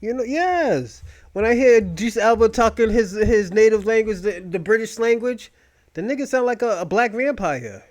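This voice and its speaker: High-pitched man ranting profanely. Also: moderate pace. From United States. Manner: loud, rambling, mocking rants. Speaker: podcast host. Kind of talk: profane casual commentary.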